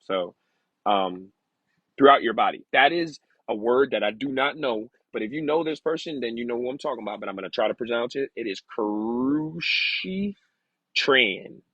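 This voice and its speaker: A man reading aloud slowly, sounding out hard words, then talking candidly and casually about his past. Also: medium pitch, expressive, a bit bright, breathy edge, no room sound, lo-fi sound. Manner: slow halting sounding-out of words, then candid rambling asides. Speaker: vlogger learning to read.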